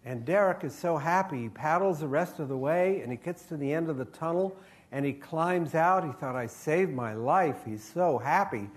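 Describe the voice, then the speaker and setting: A man's voice: a little high, animated, moderate pace. A man in his sixties, a children's author, telling a ghost story live and coaxing the young audience to call out answers. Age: 60s.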